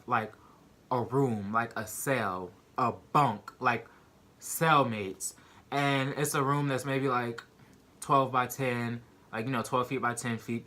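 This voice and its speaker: Bright-voiced young man telling a story. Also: mid-range voice. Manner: fast, animated retelling with many fillers. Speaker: vlogger. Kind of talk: storytime vlog.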